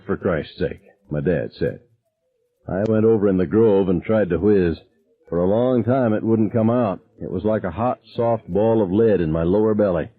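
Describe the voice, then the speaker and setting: A man reading a first-person novel aloud as an audiobook narrator, in measured, low-key storytelling. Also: slightly rough. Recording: tinny, phone-like narrow sound.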